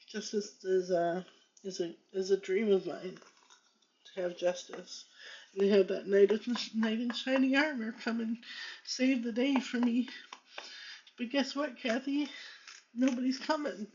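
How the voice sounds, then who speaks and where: A woman talking slowly and haltingly in a personal monologue, moving between hurt and defiance while reading tarot cards. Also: medium pitch, darkish tone, slight background noise. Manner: slow, halting, with many restarts and pauses; pained and defiant in turns. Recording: dull lo-fi recording.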